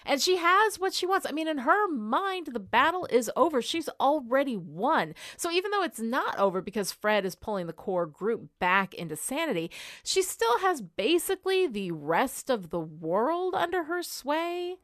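A woman's voice: high-pitched, very animated, normal speed, a bit bright. A woman co-hosting a casual chat about a TV show, ranting in an exasperated, profane way. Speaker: podcast co-host.

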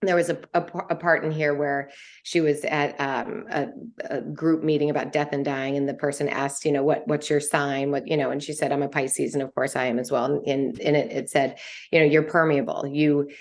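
A middle-aged woman co-hosting a book podcast, talking in an animated, emotional way with many restarts. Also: low voice, normal speed. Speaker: book club podcast co-host. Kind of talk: casual book chat.

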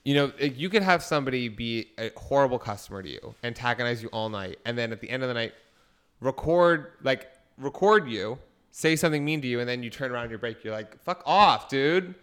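A young man co-hosting a podcast, telling stories in casual chat with loud outbursts and plenty of swearing. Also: medium pitch, brisk, clear, resonant tone. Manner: animated storytelling with loud outbursts; frequent swearing. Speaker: podcast co-host.

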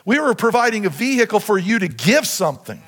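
A pastor with a high, husky voice preaches fairly quickly in a church sanctuary. His sermon is animated, and he puts questions to the congregation.

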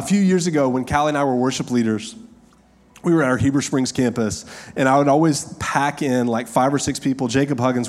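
A man, preaching a conversational sermon with emphatic, slowed-down lines. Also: medium pitch, darkish tone. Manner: conversational, laughing asides, emphatic slow repeated lines. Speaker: pastor.

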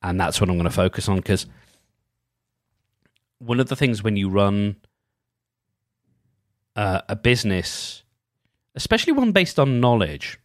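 Low-voiced man musing in a dry close mic. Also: very animated, a little slow, long pauses, no echo. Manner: rambling, full of restarts and "you know". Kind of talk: casual solo monologue.

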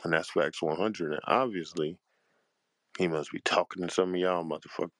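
A man's voice: low-pitched, fairly even intonation, a bit bright, no room sound. A man who hosts panels, venting in a heated, profane and exasperated rant. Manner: profane, heated and exasperated, with a drawn-out tired delivery. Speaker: panel host. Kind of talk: angry livestream rant.

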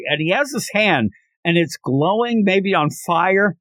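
A man hosting a podcast, casually retelling a manga story with animated asides. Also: sits high, unhurried, no echo. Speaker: podcast host.

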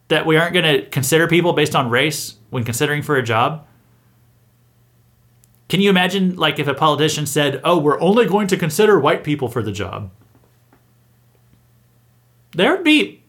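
A man's voice: fairly high pitch, a bit bright. A man hosting a satirical news show, delivering a mock-earnest, sarcastic monologue with hesitant restarts.

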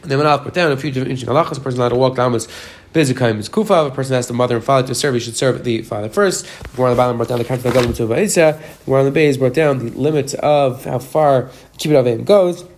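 A man giving a daily Talmud page lesson, reading the Aramaic text in quick bursts and explaining it in English. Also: medium pitch, darkish tone, a little hiss or hum. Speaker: Talmud teacher.

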